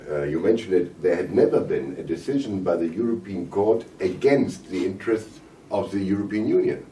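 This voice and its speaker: Hoarse German-accented man, low voice. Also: warm tone, slight background noise. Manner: halting, many fillers and restarts. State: hoarse, coughing. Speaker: visiting parliamentarian at a press conference. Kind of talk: press conference remarks in English. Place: conference room. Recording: roomy, distant mic, faint ambience.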